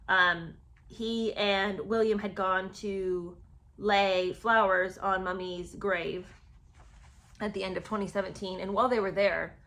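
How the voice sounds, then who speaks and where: Woman recapping a book chapter, sarcastic, chatty, lots of ums, middle pitch. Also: pushed and bright. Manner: sarcastic, chatty, many fillers. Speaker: book commentator. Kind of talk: casual commentary.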